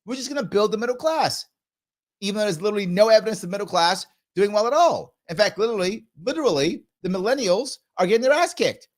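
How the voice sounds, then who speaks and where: A man's voice: high voice, animated, quick pace. A man hosting a live reaction show, commenting on a clip in a sarcastic, mocking way.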